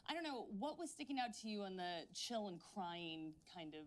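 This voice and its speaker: A woman's voice: medium pitch, sing-song, moderate pace, slight background noise. A woman hosting a games livestream, chatting with a panel in a bubbly, playful way. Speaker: show host. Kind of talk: casual panel chat on a livestream.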